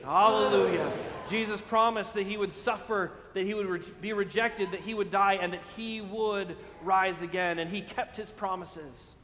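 High-voiced preaching man in a reverberant hall. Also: fairly bright tone. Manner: emphatic preaching with slow stressed phrases and frequent "right?". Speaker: pastor. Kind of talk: sermon.

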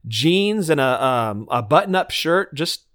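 Guy on a podcast, kinda high voice, rambling casual stories, lots of ums. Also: measured pace. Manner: animated storytelling with fillers. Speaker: podcast co-host. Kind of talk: casual chat.

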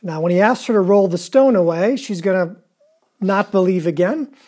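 Preacher, mellow tone, retells scripture casually and keeps asking the room questions. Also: mid-range voice, moderate pace. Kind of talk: conversational sermon.

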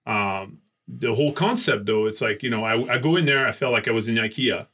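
French-accented chef guest, bright and rambling. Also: male voice, medium pitch, breathy edge. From France. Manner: rambling, halting delivery. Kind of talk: casual chat.

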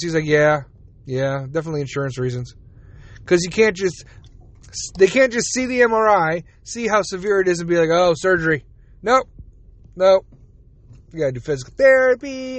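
This podcast host, a man with a child, rambles casually through a solo monologue full of swearing and self-deprecating asides. His voice sits high, and the recording is dry.

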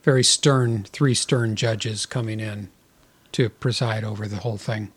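A man co-hosting a podcast, chatting casually about a film in a relaxed, joking way. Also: fairly low pitch, measured pace, slightly rough. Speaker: podcast co-host. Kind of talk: casual chat.

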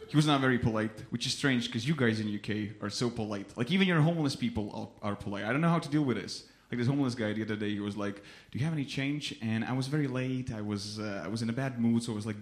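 A young man from Lithuania with a Lithuanian accent, performing a stand-up comedy set in a deadpan storytelling manner on a club stage. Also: medium pitch, quick pace, hardly any pauses, echoey room. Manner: deadpan storytelling, acts out quoted people.

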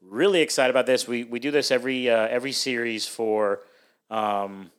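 A man hosts a casual podcast with a middle-pitched voice. He is upbeat and loose, and he laughs often as he steers the conversation. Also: steady tone, normal speed, clean tone. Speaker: podcast host.

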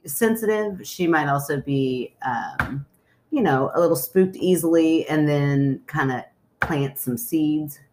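Woman, podcast co-host, low voice, joking and skeptical, rambling fillers. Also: expressive, takes it slowly, a little mellow, a little hiss or hum. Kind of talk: casual chat.

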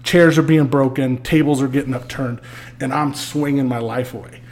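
A man guest on a podcast, telling a story in a casual, animated way and swearing freely. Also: medium pitch, moderate pace.

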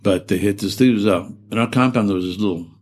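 Older man, very low voice, veteran interviewee, rambling, profane, laughs through grim stories. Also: quick pace, a little mellow. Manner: rambling, profane, trails off and restarts. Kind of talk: oral history storytelling.

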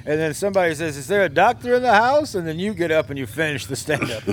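Brief: man, high voice, jokey heckler who keeps interrupting, faint hiss behind. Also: expressive, moderate pace, fairly bright tone. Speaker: podcast co-host. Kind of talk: casual banter, playful heckling.

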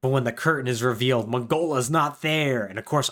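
A man's voice: medium pitch, fairly quick, a bit bright. A man co-hosting a podcast, recapping a game plot in a chatty, wry way with lots of fillers. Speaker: podcast co-host.

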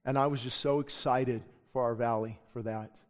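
A man's voice: medium pitch, fairly even intonation, normal speed. A middle-aged male pastor preaching a sermon with passion, switching into the voices of the people he quotes. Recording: long hall reverb.

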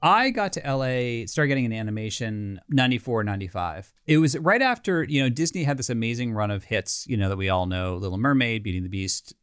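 Middle-aged man, animator guest, lively swooping delivery, dry close sound. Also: fairly low pitch, dry recording. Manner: animated, excitable, frequent restarts and fillers. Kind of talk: casual interview storytelling.

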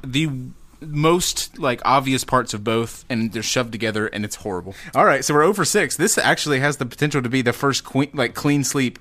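A man with a bright, clear voice runs a quiz on a comedy podcast. He reads out the multiple-choice options at a quick clip and teases the players when they lose. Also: mid-range voice. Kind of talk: casual comedy podcast banter.

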